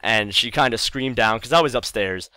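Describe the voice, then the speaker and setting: A man's voice: medium pitch, moderate pace, bright, forceful tone, clean tone, no echo. A man telling a childhood story in a casual vlog, chatty and rambling, repeating words for emphasis. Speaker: YouTube storyteller.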